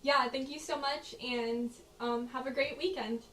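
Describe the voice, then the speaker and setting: A woman hosting a radio show and wrapping up with her guest in a brisk, friendly way. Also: sits high, fairly even intonation, a bit bright. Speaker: host. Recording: echoey, slightly distant.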